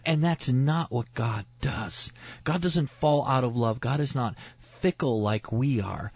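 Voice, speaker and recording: A male pastor speaks earnestly and with emphasis, circling back to the same phrases to drive them home. His voice is husky, and the recording is dry and dull, like lo-fi broadcast audio. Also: medium pitch, measured pace, no room sound. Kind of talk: preaching in a radio interview.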